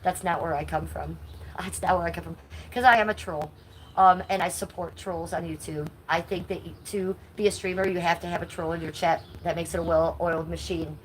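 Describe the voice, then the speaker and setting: A woman's voice: fairly low pitch, steady tone, fairly quick, a little hiss or hum, rough recording. A middle-aged woman with a nasal voice, talking bluntly and indignantly to her chat on a live stream. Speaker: livestreamer.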